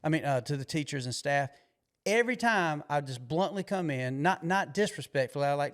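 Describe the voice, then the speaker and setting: A man's voice: a little high, animated, brisk. A man hosting a podcast, telling stories bluntly and with emphasis in casual conversation. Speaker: podcast host.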